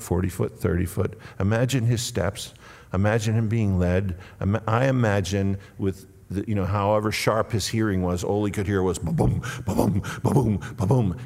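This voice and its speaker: A man preaching a sermon and telling the story dramatically, moving between loud cries and hushed tones. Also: fairly low pitch. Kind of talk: expository sermon. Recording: long reverb of a large hall.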